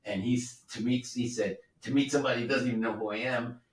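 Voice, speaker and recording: A man's voice: mid-range voice, steady tone, fast. A man in his seventies, a record producer, telling rambling anecdotes in an easygoing way with many asides. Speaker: record producer and guest musician. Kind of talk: relaxed anecdotal storytelling. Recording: roomy sound, distant from the mic.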